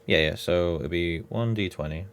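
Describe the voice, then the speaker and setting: A man with a lowish voice narrates a tabletop game as game master. He talks in a relaxed, reassuring way, filling pauses with ums. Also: clear, resonant tone.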